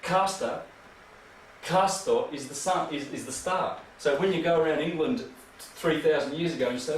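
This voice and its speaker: Man, emphatic rambling lecturer, slightly high voice, distant echoey room recording. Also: normal speed. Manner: emphatic, rambling, rhetorical questions. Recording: echoey room from far off, faint noise.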